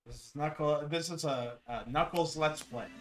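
A man's voice: on the high side, normal speed, faint music behind. A young man casually commenting on videos as a streamer, laid-back, swearing and laughing often.

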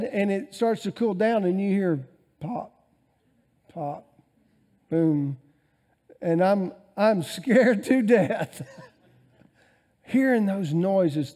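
A male pastor preaching a sermon, swinging between loud emphasis and quiet asides. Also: high-pitched.

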